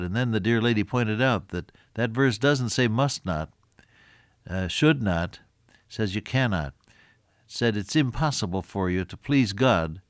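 An older man gives a folksy, earnest sermon in a fairly low voice. He leans on rhetorical questions and stops now and then to clear his throat. The sound is dry and close, with no room echo. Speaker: radio Bible teacher.

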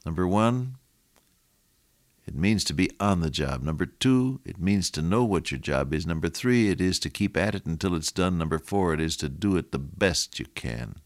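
A man's voice: low-pitched, expressive, moderate pace, no echo, clean studio sound. An older man preaching a radio sermon, telling stories and exhorting his listeners with earnest repetition.

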